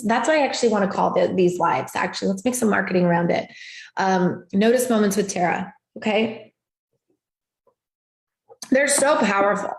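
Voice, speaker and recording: A woman's voice: medium pitch, roomy sound. A woman hosting a live stream as a life coach, giving an emphatic, repetitive motivational talk over a video call. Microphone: video call setup.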